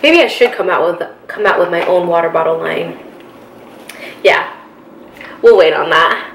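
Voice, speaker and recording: A young woman hosting a mukbang eating show, chatting casually in a bubbly, giggly and loud way. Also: lowish voice, measured pace, slight background noise. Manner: bubbly, giggly, talks loudly. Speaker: mukbang host. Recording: echoey room.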